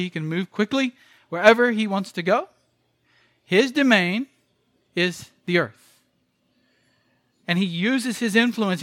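High-voiced pastor preaching. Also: male voice, fairly bright tone, dry recording, clean studio sound. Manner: emphatic preaching with repetitions and rhetorical questions. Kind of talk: sermon.

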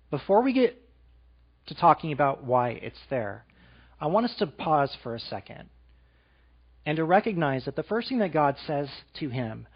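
A man preaching a sermon to a live congregation, asking them questions and dropping to a soft, quiet voice for emphasis. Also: on the high side, big pitch swings, normal speed, slightly rough, highs cut off. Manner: engaging, asks the audience questions.

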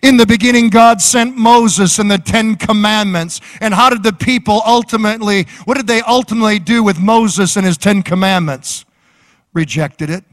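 High-voiced fervent preaching man. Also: normal speed. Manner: fervent, rhythmic preaching with repeated phrases. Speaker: pastor. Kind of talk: sermon.

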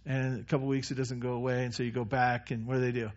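A man preaching a conversational sermon as pastor, with many restarts and quick acted-out asides. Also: medium pitch, little pitch movement, a little mellow. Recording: dull lo-fi church recording.

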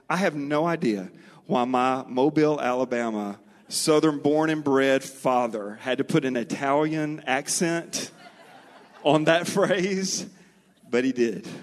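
Earnest middle-aged preacher in a big hall. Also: male voice, medium pitch. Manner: earnest, storytelling, varies pace for emphasis. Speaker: pastor. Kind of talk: sermon. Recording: long reverb of a large hall.

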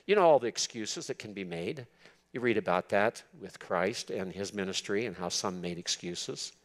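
A man's voice: on the low side, expressive, normal speed. Earnest man preaching an emphatic sermon. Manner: earnest, emphatic, repeats words for stress. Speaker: preacher teaching church leaders. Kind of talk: expository sermon.

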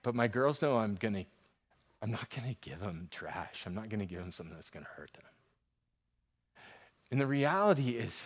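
A man's voice: fairly low pitch, sing-song, normal speed, pauses often, husky. A middle-aged man preaching as a pastor, telling everyday stories in a conversational way and building to urgent, emphatic appeals. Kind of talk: sermon.

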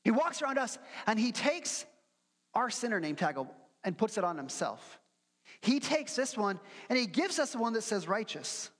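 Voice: mid-range voice, big pitch swings, moderate pace. Preacher in a reverberant church. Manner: earnest teaching with acted-out quotes and rhetorical questions. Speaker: pastor. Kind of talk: sermon. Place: church sanctuary. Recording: long hall reverb.

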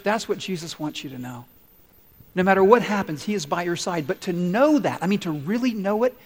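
A man pastor preaching a sermon in a large church, earnest and conversational, putting questions to the congregation. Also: high-pitched. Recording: long hall reverb.

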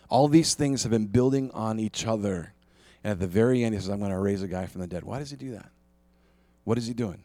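Male pastor, lively conversational sermon, dry close sound, plenty of rhetorical questions. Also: on the low side, no echo.

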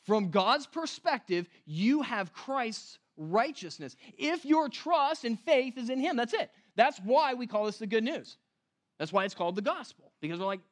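High-voiced man preaching conversationally. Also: big pitch swings, moderate pace. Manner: conversational, asks the room questions. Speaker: pastor. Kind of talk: sermon.

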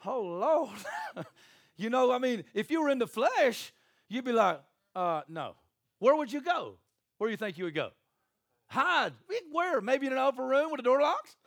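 A man's voice: very high voice, very animated, moderate pace, a bit bright, dry recording, clean studio sound. A man preaching a sermon, folksy and joking, acting out Bible scenes in little voices. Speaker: pastor.

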